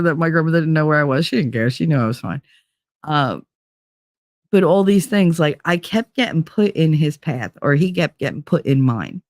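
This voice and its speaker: In a casual storytelling monologue, a female podcast host with a low-pitched voice wanders through a long personal anecdote, saying "like" again and again. The sound is clean studio audio with no room sound.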